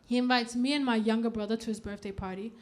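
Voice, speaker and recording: A woman's voice: fairly high pitch, fast. A woman in her thirties from Denmark, performing a stand-up set on a club stage and acting out the voices in her stories. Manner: animated storytelling, acting out quoted voices. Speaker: stand-up comedian. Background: faint audience laughter.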